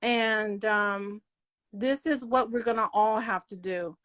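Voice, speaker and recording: Slow, halting woman talking from the heart. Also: mid-range voice, fairly bright tone. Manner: halting, repetitive, many fillers. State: emotional. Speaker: channel host. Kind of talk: emotional personal monologue.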